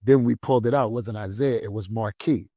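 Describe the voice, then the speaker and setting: A man's voice: lowish voice, fairly quick, dry recording. A man, a pastor, telling a personal story in a casual conversation, acting out the voices of the people in it. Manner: animated storytelling, acts out voices.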